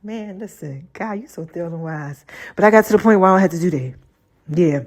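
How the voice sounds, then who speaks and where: A woman hosting her own podcast, talking casually and chattily with slang, swinging between loud laughing bursts and low murmurs. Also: fairly quick. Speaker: podcast host. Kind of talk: casual rambling monologue. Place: room with lights and a mirror.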